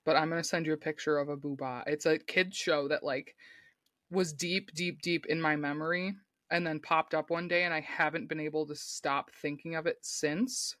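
A woman's voice: sits low, steady tone, moderate pace, fairly bright tone, dry recording, clean studio sound. A woman co-hosting a podcast in casual chat, giggly and playful, sometimes breaking into sing-song. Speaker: podcast co-host.

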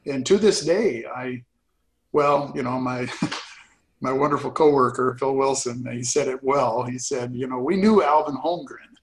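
A man's voice: medium pitch, steady tone, a little slow, a little hiss or hum, low-quality recording. An older man, a retired pastor, telling folksy stories with frequent laughs in a casual conversation.

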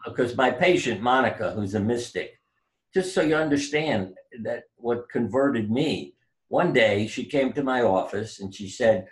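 A man's voice: medium pitch, measured pace, low-quality recording. An older man, a doctor and author, telling stories in an interview and acting out the voices he quotes. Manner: animated storyteller, acts out quoted voices. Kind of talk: storytelling interview.

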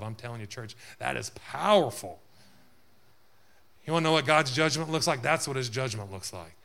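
Gravelly man preaching a sermon. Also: mid-range voice, animated, moderate pace, a bit bright. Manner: preaching with rising intensity, repeated amens. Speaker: pastor.

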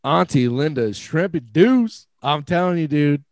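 A man's voice: on the high side, lively intonation, measured pace. A man co-hosting a live podcast, laid-back and casual, insisting on finishing his point amid crosstalk. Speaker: podcast co-host.

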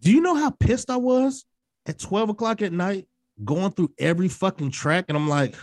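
A woman co-hosting a podcast, giving her take in casual chat; she is emphatic and profane, and she acts out her own reactions in sudden high yelps. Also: moderate pace, darkish tone. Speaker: podcast co-host. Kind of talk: casual music review chat.

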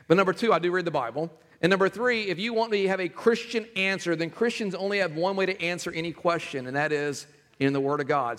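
A male pastor, preaching a sermon conversationally and swinging between loud, animated stretches and hushed ones. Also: fairly high pitch. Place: church sanctuary. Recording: long hall reverb with music behind.

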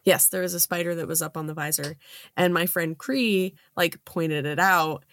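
A woman's voice: fairly low pitch, normal speed, a bit bright, no echo. Woman, podcast co-host, chatty storyteller, dry close recording. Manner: chatty, frequent "like" fillers. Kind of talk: casual storytelling chat.

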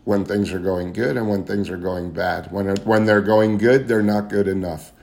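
Telling his recovery story in a personal testimony talk, a man uses a fairly low, somewhat mellow voice with vocal fry, keeping a steady tone at a moderate pace. He speaks earnestly and confessionally, often repeating phrases as he searches for words.

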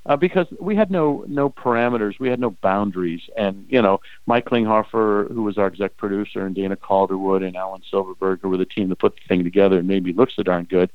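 An older man and former game show host, telling animated anecdotes in a casual interview, often acting out quoted voices. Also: sits low, a little fast, few pauses, dry recording, narrow, tinny audio.

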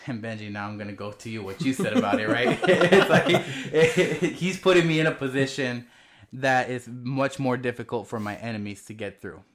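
A man co-hosting a casual podcast, recounting a story and getting animated as he tells it. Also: medium pitch, moderate pace. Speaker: podcast co-host. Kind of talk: casual group banter.

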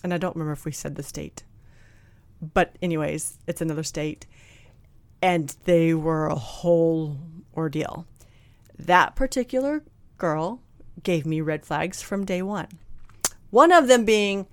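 A woman telling a personal story in a candid, blunt, animated way, acting out what people said. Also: sits low, a little slow, no room sound. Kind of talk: casual storytelling chat.

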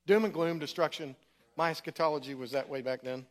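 Middle-aged man preaching, slightly high voice. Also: brisk. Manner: casual storytelling with conversational fillers. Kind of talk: sermon testimony. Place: church.

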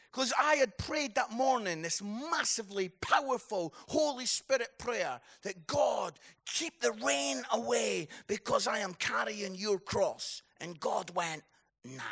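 A man delivers a conference sermon with a gravelly, creaky edge to his voice. He speaks slowly and deliberately, letting stories unfold before rising into passionate exhortation. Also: extremely high pitch, pushed and bright. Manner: storytelling, building to passionate exhortation. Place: conference hall.

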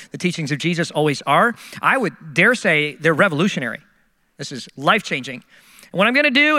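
Animated middle-aged preacher in a hall. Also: male voice, high-pitched. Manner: storytelling, self-mocking, animated. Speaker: pastor. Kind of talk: sermon.

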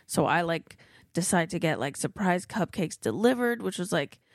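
A woman's voice: on the low side, animated, moderate pace, no room sound, studio quality. A woman from California co-hosting a podcast, telling stories in a chatty, wry way. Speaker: podcast co-host. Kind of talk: casual chat.

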